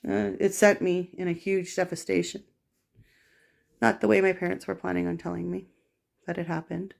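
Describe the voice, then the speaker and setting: Gravelly woman telling her story. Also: fairly low pitch, flat delivery, a little mellow. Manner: rambling, raw and halting, with restarts. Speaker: vlogger. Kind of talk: emotional personal monologue.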